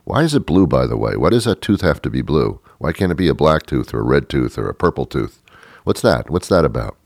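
A man's voice: a bass voice, big pitch swings, brisk, a little mellow, no echo. A man, a radio host, delivering a rambling, sarcastic, exasperated comic monologue into a close studio mic. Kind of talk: comedic monologue.

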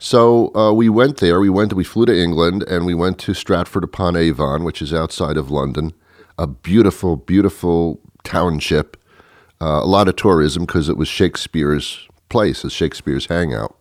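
A middle-aged man with a very low, deep voice rambles through a comic monologue. He puts on mock outrage and chuckles at his own asides. The sound is dry and close, with no room around him. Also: normal speed, no room sound. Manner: mock-indignant, chuckling, meandering. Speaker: podcast host.

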